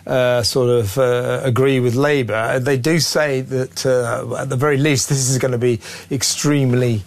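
A man's voice: medium pitch, fairly even intonation, moderate pace. A man hosting a radio phone-in, incredulous and exasperated as he argues with callers.

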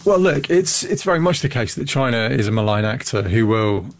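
A man's voice: mid-range voice, animated, brisk. A man, a think tank fellow, giving blunt, emphatic political commentary as a guest, often restarting his phrases.

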